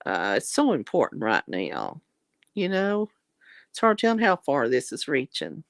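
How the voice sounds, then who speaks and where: Slow, gravelly Southern woman. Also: deep voice, huge pitch swings, dry recording. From Southern United States. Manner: folksy, drawn-out, affectionate, says "bless your heart" and "honey". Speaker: livestream host. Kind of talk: casual livestream chat with viewers.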